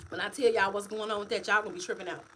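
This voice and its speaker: A woman author talking casually to her livestream viewers, animated and repetitive, calling them y'all. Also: medium pitch, very fast, slight background noise, rough recording. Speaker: author and vlogger. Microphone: phone or webcam, livestream.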